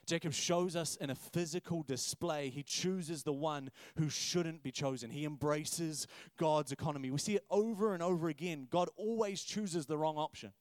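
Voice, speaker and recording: A man in his thirties preaching a sermon, animated and acting out voices. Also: a little high, moderate pace, few pauses, dry recording. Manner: animated, acts out quoted voices, repeats words when emphatic. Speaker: pastor.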